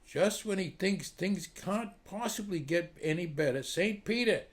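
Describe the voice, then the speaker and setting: A man hosting a comedy show, telling long joke stories in a lively storytelling way. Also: high-pitched, unhurried. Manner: animated joke delivery with acted voices. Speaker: comedy club host telling jokes. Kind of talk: storytelling jokes.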